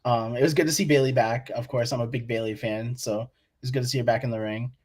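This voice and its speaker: A man's voice: medium pitch, fairly even intonation, fast talker, a little mellow. Laid-back guest man from Boston. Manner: laid-back, hesitant with fillers. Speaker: podcast guest. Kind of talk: casual wrestling podcast chat.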